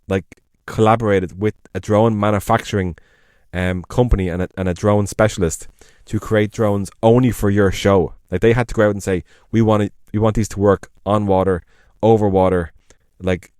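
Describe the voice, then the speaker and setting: An Irish man talks on a podcast with a lowish voice. He rambles eagerly and leans on fillers. The sound is dry and close, with no room echo. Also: darkish tone, smooth. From Ireland. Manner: enthusiastic, rambling with frequent fillers. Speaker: podcast co-host. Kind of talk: casual podcast chat.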